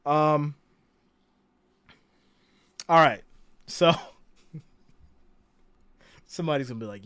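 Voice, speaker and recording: A man's voice: on the high side, takes it slowly, long pauses, pushed and bright, smooth, dry recording. A man in his thirties hosting a casual football reaction livestream, chatty and laid-back, repeating lines for emphasis. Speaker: livestream host.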